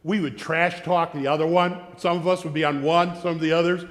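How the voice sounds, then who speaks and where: American pastor, high voice, lively storyteller, church reverb. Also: male voice, brisk, few pauses. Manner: animated storyteller, acting out shouted quotes. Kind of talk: sermon with storytelling. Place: church sanctuary.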